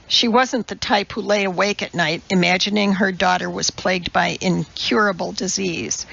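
Slow, gravelly woman narrating a story. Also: medium pitch, fairly bright tone. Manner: measured, deliberate reading. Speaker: audiobook narrator. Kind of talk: scripted narration. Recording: slightly dull recording.

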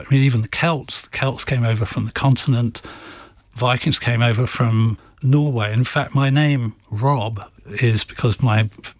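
A man being interviewed as an author, explaining history in a measured, anecdotal way with dry humor. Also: mid-range voice, no room sound. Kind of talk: conversational radio interview.

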